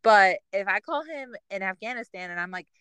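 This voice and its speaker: A woman, co-hosting a casual chat, candid and chatty and quick to laugh at herself. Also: medium pitch, expressive, sharp tone, clear, resonant tone, no room sound. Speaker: podcast co-host, military spouse.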